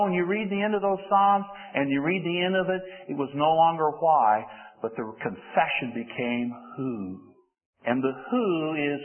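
A man preaching a sermon in an earnest way, lifting his voice for emphasis. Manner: earnest, rises in pitch for emphasis. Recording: phone-like sound with long hall reverb.

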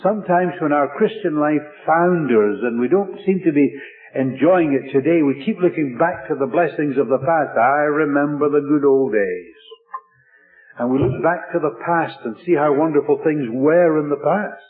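A man preaching a sermon in a measured, emphatic way, stressing his points through repetition. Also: fairly high pitch. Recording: tinny lo-fi radio broadcast with faint music.

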